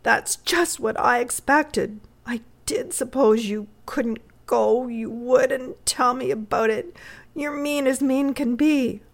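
A woman's voice: on the high side, lively intonation, normal speed, few pauses, voice pushed up. A woman voicing a sulky sick little boy who speaks mournfully and whines. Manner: mournful, whiny.

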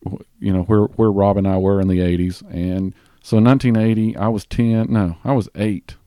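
A man with a Southern US accent hosting a podcast in casual chat, rambling with fillers and restarts and talking a bit fast. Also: fairly low pitch, steady tone, mellow, clean tone, dry recording, studio quality. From Southern US (Tennessee). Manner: talks a bit fast on mic. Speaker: podcast host.

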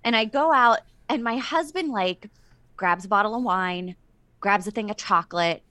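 A woman's voice: medium pitch, normal speed, pushed and bright, no echo. A woman being interviewed as a podcast guest, talking bluntly and profanely with frequent laughs. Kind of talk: casual interview chat.

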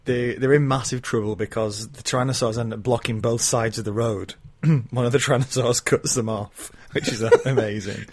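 A man co-hosting a casual podcast, retelling a novel's plot with frequent laughter and quick acted-out quotes. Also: mid-range voice, steady tone. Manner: laughs often while retelling, acts out quoted lines. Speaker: podcast co-host.

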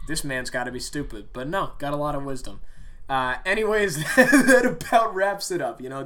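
A man's voice: a little high, a bit bright. A man hosting a podcast, telling a rambling story with lots of fillers and swearing. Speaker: podcast host. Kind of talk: casual storytelling monologue.

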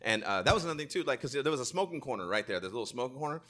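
Bright sharp-voiced guy in his 40s, slangy animated storyteller on a podcast. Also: medium pitch, racing. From Sacramento, California. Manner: animated, slangy, laughs through his stories. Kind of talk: casual storytelling chat.

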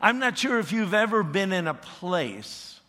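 A male pastor preaching a sermon in a church, telling the story with humorous asides. His voice is bright and slightly high, and it rises and falls widely. He speaks slowly and deliberately. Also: very animated.

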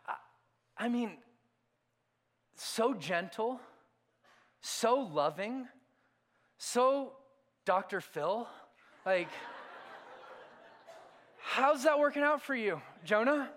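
A pastor preaching a sermon, swinging from hushed, intimate lines to loud emphatic ones and asking the congregation rhetorical questions. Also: male voice, very high-pitched, animated, very slow, pauses often.

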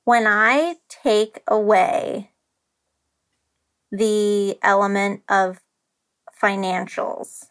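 A woman's voice: mid-range voice, steady tone, drawn-out words, pauses often, a bit bright, clear, resonant tone. Candid, emotional woman podcast guest. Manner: open, emotional, rambling, occasional swearing. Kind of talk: candid casual chat.

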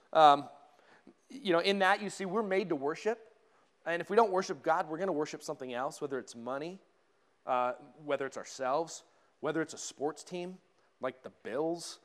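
In a church sanctuary, a male pastor with a voice on the high side delivers a conversational sermon at normal speed. He tosses humorous asides to the congregation.

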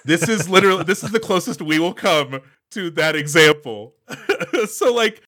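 A man's voice: on the high side, expressive, moderate pace, pushed and bright. A man co-hosting a casual movie podcast who laughs often and riffs on jokey ideas. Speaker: podcast co-host.

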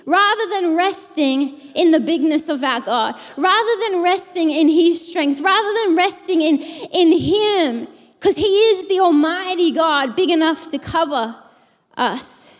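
A woman's voice: very high voice, lively intonation, unhurried. A woman preacher delivering a sermon, telling jokey stories and repeating phrases for emphasis. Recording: long hall reverb.

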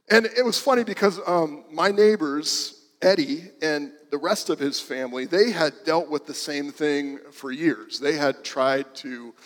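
A man's voice: a little high, a bit bright, in a large hall. A man preaching a sermon in a church, telling stories in a casual, conversational way with frequent restarts. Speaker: pastor. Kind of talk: sermon storytelling.

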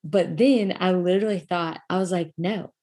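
A woman's voice: on the low side, moderate pace, mellow, husky. A young woman hosting a podcast, telling a personal story in a chatty way with lots of fillers and frequent laughs. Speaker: podcast host. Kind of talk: casual storytelling chat.

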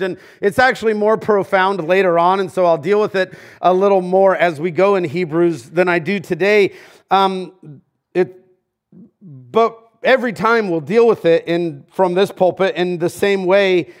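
A middle-aged man preaching a sermon as pastor in a church. He talks conversationally and drops to a near hush on key lines. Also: high-pitched. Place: church sanctuary.

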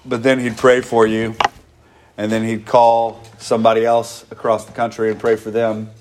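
A man's voice: on the low side, completely flat delivery, moderate pace, noisy background. A man preaching a sermon to his congregation, earnest and conversational, often acting out what people say. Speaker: pastor.

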